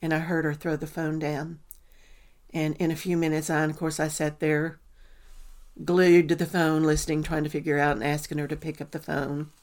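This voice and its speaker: A woman, a mother telling a personal story in a halting way, with many ums and restarts. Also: sits low, level tone, a little mellow. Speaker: mother recounting a family loss. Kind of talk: personal testimony.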